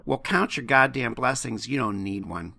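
Gravelly, bright-voiced man co-hosting. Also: medium pitch, lively intonation, moderate pace. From United States. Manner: impassioned, blunt, swears freely. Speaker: podcast co-host. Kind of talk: casual podcast chat.

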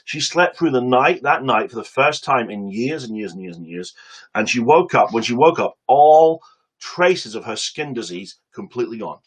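Husky-voiced man telling a sermon story. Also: medium pitch, poor audio. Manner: lively storyteller, acts out quotes, quick asides. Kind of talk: sermon storytelling on a webcam stream. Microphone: webcam.

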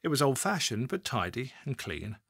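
A man narrating a crime audiobook in an expressive, dramatic reading. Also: mid-range voice, normal speed, vocal fry, slightly rough, no echo, clean studio sound.

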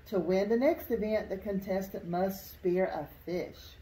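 A woman's voice: mid-range voice, a little slow, mellow, natural voice. A woman voicing a grand pelican announcer. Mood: announcing. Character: pompous pelican judging a bird contest. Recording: roomy echo.

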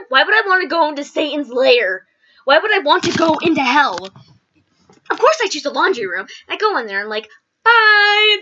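A woman vlogger casually telling stories in a rambling, animated way, acting out the voices in them. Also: sits high, highs cut off. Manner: animated, rambling, acts out quotes. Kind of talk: casual storytelling.

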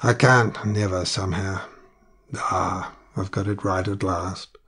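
A man doing a brisk, decisive ship's mate. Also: low-pitched, fairly even intonation, fairly bright tone, breathy edge, full character voice. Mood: dutiful. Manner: distinct and decisive.

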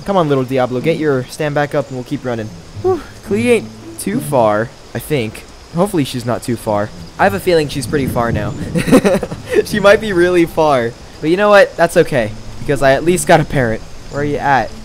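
A man giving excitable let's-play commentary, often breaking into high yelps and laughter. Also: fairly quick, noisy background. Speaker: gaming video creator. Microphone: new microphone.

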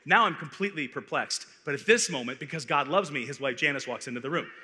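Bright-voiced man telling a comic story. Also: a little high, fast talker, a little hiss or hum. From Arizona. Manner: animated, playful, building comic tension. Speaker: conference speaker. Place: large conference hall. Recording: echoey hall reverb.

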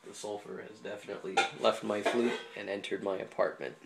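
A man from Hawaii, a flutist, explaining instrument care in a relaxed, chatty home tutorial full of ums and small laughs. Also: on the low side, a little fast, gravelly, a loud crowd. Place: home apartment.

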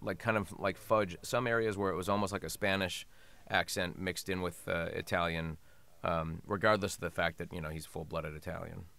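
A man's voice: sits low, steady tone, normal speed, creaky, hardly any pauses, bright, forceful tone. A man talking as a voice actor guest in a casual interview, chatty and laughing often.

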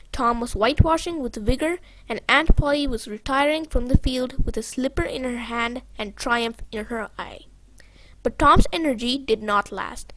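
A woman reading a classic novel aloud, expressive and dropping to a hushed near-whisper on the gloomy passages. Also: fairly high pitch, no room sound, rough recording. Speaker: audiobook reader. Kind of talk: storybook read-aloud narration.

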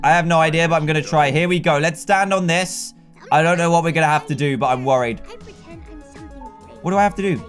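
A man commentating a video game as he plays, excitable and laughing, talking to himself as the game unfolds. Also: a little high, fairly quick, soft background music. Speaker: gaming YouTuber. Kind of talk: let's play commentary.

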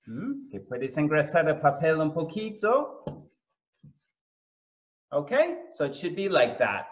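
A man teaching English through a cooking lesson, speaking slowly and repeating and translating words for learners. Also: a little high, sing-song, echoey room, highs cut off.

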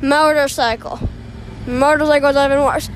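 A young host rambling through a silly, self-mocking podcast while out on a walk, short of breath. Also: female voice, high voice, steady tone, normal speed, slight background noise. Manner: silly, self-mocking, jumps between topics. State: out of breath from walking. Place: outdoors on a walk near a road.

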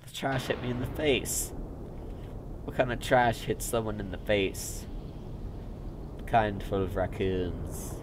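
Young man, goofy game commentary, unhurried drawl, noisy home recording. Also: on the low side, steady tone. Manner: goofy, silly nonsense words and sudden outbursts. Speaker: gamer. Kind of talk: let's play commentary.

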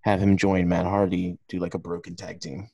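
A man with a low, husky voice talks through a podcast in loose, rambling casual chat. He trips over his words and restarts often, with plenty of fillers. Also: level tone, moderate pace, warm tone, dull audio. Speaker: podcast co-host.

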